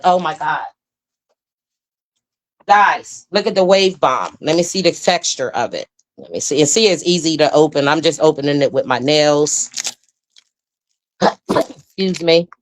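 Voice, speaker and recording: Woman, fairly low voice, enthusiastic, folksy, casual product demo. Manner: enthusiastic, folksy, with drawn-out oohs. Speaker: product seller demonstrating her own line.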